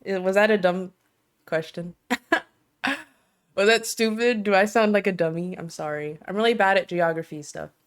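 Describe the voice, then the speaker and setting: A woman's voice: medium pitch, normal speed, pauses often, smooth. An American woman chatting casually on a live stream, bubbly and self-deprecating, laughing often. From United States.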